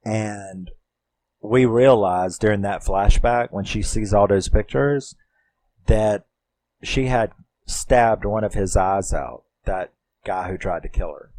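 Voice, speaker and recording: Slow-talking man recapping a film. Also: fairly low pitch, animated, darkish tone. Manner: rambling, profane, acts out quotes. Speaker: movie reviewer. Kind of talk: casual plot recap.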